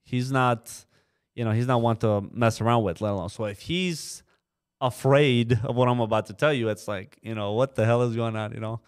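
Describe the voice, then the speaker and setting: Guesting on a relaxed podcast interview, this young trucking company co-owner narrates a story, mimicking the voices of those he quotes and using plenty of "you know." He speaks smoothly at a moderate pace, with a medium pitch and steady tone.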